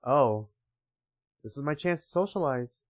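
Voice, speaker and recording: A man's voice: medium pitch, expressive, measured pace. A young man streaming a game, chatting casually, swearing freely and reading the story aloud.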